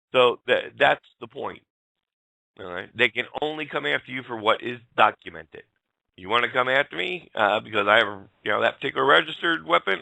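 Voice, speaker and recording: A man with a gravelly voice hosts a talk show, blunt and fired up as he talks straight at his listeners. His voice is sharp and forceful, and the recording is very dry. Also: mid-range voice, dry recording. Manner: blunt, fired-up, swears and addresses folks directly. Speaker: radio show host. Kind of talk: casual talk radio rant.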